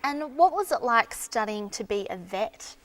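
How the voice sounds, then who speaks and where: A woman interviewer who asks brisk questions and prompts her guest. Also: fairly high pitch, expressive.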